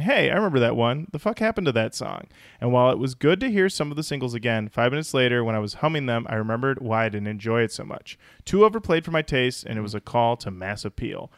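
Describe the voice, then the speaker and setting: A man's voice: mid-range voice, a bit bright, dry recording, clean studio sound. A man co-hosting a casual comedy podcast, reading listener comments aloud and tossing in joking asides. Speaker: podcast co-host.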